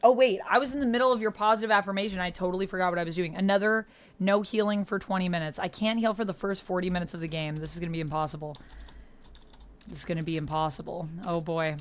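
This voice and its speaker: Effusive woman streamer, lowish voice. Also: fast. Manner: effusive, thanking viewers with excited outbursts. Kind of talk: casual livestream chat.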